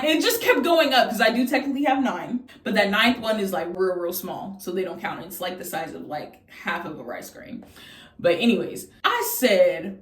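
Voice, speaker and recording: A woman in her twenties telling a casual storytime vlog, candid and profane, jumping into high-pitched voices when she quotes people. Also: sing-song, fairly quick, distant mic. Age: 20s. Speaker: vlogger. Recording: echoey room, voice off from the mic.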